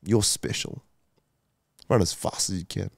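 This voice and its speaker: A man's voice: sits low, measured pace, vocal fry, slightly rough, no room sound, studio quality. A man in his thirties, a podcast guest, telling his story candidly and emotionally, with lots of swearing, fillers and restarts. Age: 30s.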